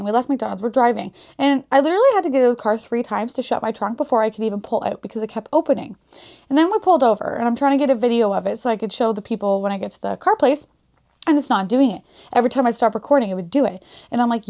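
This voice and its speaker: A woman's voice: a little high, animated, fairly quick, darkish tone. A woman hosting a casual podcast, telling stories bluntly with a lot of swearing and quoted asides. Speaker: podcast host. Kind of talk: casual chat.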